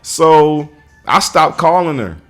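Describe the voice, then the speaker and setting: A man, a stand-up comedian telling a personal story on a podcast in a lively, acted-out way. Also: on the high side, takes it slowly. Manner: animated storyteller acting out dialogue, swears freely.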